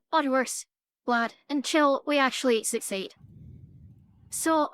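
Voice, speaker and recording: A woman playing a tabletop game, talking through plans in an analytical, measured way. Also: sits high, a bit bright, smooth, no room sound, studio quality. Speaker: player.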